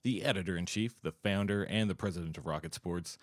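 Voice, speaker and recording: Deep-voiced man hosting a hockey podcast. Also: fairly quick, no room sound, clean studio sound. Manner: friendly, chatty, with frequent uh fillers. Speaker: podcast host. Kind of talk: casual sports podcast chat.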